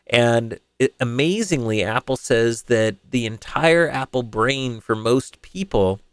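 A man hosting a solo tech news podcast, chatty and conversational, with fillers and quick self-corrections. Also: mid-range voice, lively intonation, clear, resonant tone, no echo. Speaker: podcast host.

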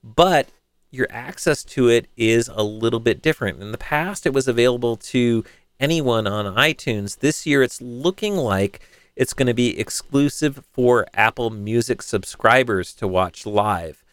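Smooth-voiced man hosting a tech podcast. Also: medium pitch, animated, a little slow, no echo, studio quality. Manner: conversational, chatty with fillers and self-corrections. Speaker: podcast host. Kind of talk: solo tech news podcast.

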